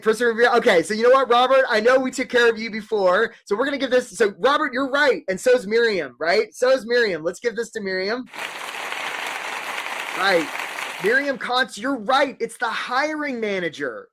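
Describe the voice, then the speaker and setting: A man coaching job seekers in a live online workshop, talking quickly and energetically and speaking straight to his attendees. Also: sits high. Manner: energetic, talks fast, addresses attendees directly. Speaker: career coach hosting a webinar.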